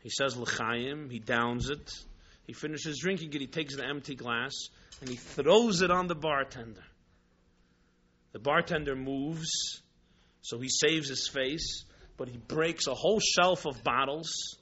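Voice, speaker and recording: A man teaching a religious class with lively, emphatic storytelling and rhetorical repetition. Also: medium pitch, a little slow, a little hiss or hum. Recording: dull lo-fi recording.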